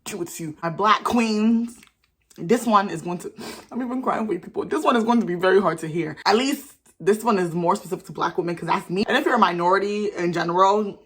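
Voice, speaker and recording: Sassy young woman with a husky voice. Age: young adult. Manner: animated, sassy, talks fast with sudden jumps in pitch. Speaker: vlogger. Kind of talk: casual storytelling vlog.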